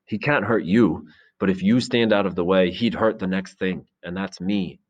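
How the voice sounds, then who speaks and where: A man's voice: deep voice, normal speed, highs cut off. A man reading aloud, voicing a chubby, anxious, thoughtful schoolboy. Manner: worried, pleading.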